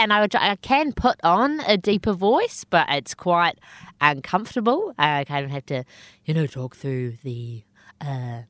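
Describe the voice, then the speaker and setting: Squeaky nasal woman, lively and laughing. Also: dry recording. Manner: self-deprecating, laughs often. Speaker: comedian guest. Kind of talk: casual interview chat.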